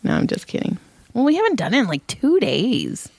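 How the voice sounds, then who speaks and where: A woman's voice: fairly high pitch, huge pitch swings, a little mellow, dry recording. A woman co-hosting a casual podcast, teasing her partner and chiming in with short quips. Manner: teasing, quick interjections and laughter. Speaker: podcast co-host. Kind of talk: casual banter.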